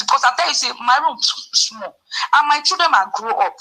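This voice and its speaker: A woman with a Nigerian Pidgin accent, casually telling a story to her viewers and acting out the dialogue with sudden leaps in pitch. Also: expressive, fast talker, pushed and bright, low-quality recording. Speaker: vlogger.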